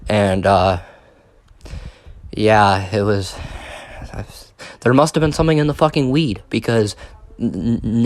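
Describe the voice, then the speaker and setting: A man's voice: lowish voice, no echo. A young man telling a casual storytime, rambling and swearing with many fillers and restarts. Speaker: vlogger.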